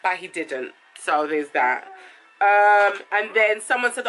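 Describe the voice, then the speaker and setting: A woman's voice: mid-range voice, normal speed, a bit bright. A woman hosting a casual reality TV review, chatty and rambling, correcting herself as she goes. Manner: chatty, rambling, self-correcting, says "it is what it is". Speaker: host reviewing a reality TV episode. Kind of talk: casual chat. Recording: faint background noise.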